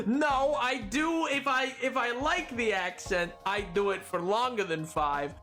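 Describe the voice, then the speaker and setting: A man's voice: sits high, lively intonation, unhurried, hardly any pauses, pushed and bright, soft background music. A man chatting casually on a live gaming stream, bantering playfully with his chat and acting mock-indignant when they tease him.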